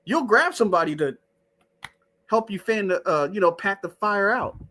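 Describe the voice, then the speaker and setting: A man's voice: high-pitched, lively intonation, normal speed, sharp tone. A man hosting a casual stream, talking to his chat in a profane, skeptical way. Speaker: show host. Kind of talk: casual live-stream talk.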